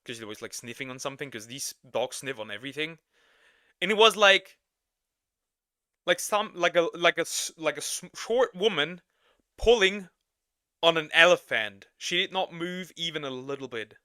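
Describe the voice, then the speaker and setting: A man's voice: a little high, a little fast, hardly any pauses, clear, resonant tone, no room sound, clean studio sound. A man with a non-native English accent, chatting casually on a livestream, rambling and restarting his sentences. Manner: rambling, animated, laughs often, restarts sentences. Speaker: streamer reacting to videos and chatting.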